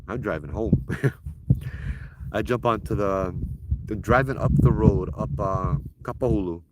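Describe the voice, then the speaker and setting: Deep-voiced man from Hawaii telling ghost stories. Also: unhurried. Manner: plain storytelling, acting out quoted voices. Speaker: ghost story host. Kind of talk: telling a ghost story outdoors. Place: outdoors at a temple site. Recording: loud background noise.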